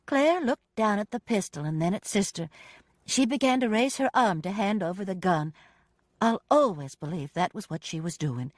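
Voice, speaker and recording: A woman narrating a first-person audiobook with expressive, dramatic storytelling. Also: medium pitch, moderate pace, no room sound, studio quality.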